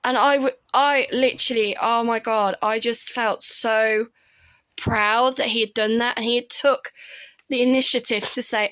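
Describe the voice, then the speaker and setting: Chatty mum telling stories. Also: female voice, a little high, measured pace, no echo. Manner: animated storytelling, acts out her kids' voices. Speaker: parent vlogger. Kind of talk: casual chat.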